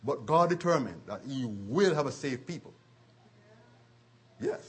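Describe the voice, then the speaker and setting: A man preaching a sermon, retelling scripture stories with chuckles and dramatic slowdowns. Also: medium pitch, animated, slightly rough.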